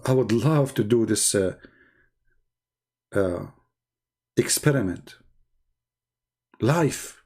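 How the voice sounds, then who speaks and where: A man's voice: medium pitch, lively intonation, very slow, pauses often, darkish tone. A man hosting a live stream, talking in sarcastic, mocking rants in non-native English and arguing as if he were his opponents.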